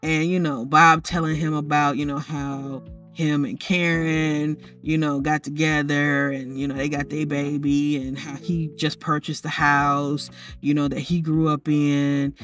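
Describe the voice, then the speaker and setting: A woman's voice: deep voice, level tone, a little slow, fairly bright tone, recorded from a distance, soft background music. Chatty woman narrating from off-mic. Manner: chatty, teasing, talks straight to the characters. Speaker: narrator of a life-simulation story. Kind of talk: casual commentary over gameplay footage.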